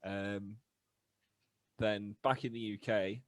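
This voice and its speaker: A young British man in a band, casually telling animated stories on a podcast and acting out the voices. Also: on the low side, slow pace, a little hiss or hum. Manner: animated anecdotes with laughs and acted-out voices. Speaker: band member podcast host. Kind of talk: casual storytelling chat.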